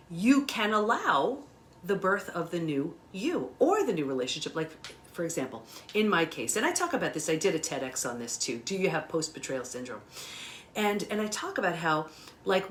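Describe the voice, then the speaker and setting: Middle-aged woman, interview guest, low-ish voice but very animated delivery, faint hiss behind. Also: moderate pace. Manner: gestures with her hands while explaining, lively and emphatic. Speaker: guest expert on betrayal recovery. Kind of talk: animated explanatory talk.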